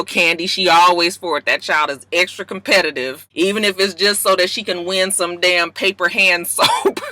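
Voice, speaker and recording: Bright-voiced, sassy woman recapping a show. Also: low-pitched, no room sound. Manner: sassy, profane, animated storytelling. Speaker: reality TV recap vlogger. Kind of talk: casual reality show recap. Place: parked car.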